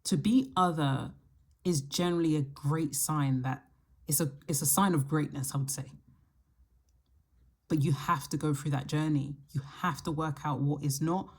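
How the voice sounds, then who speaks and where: Woman, low voice, reflective, thinking out loud, casual solo talk to camera. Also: steady tone, normal speed, slightly rough. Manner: reflective, thinking aloud, musing. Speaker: astrology channel host.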